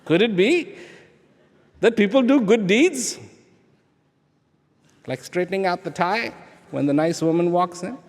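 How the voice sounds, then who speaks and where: Male speaker, unhurried spiritual talk, rhetorical and emphatic, big hall reverb. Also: high-pitched, animated. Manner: rhetorical questions, emphatic repetition, dramatic shifts between loud and hushed. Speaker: speaker addressing an audience.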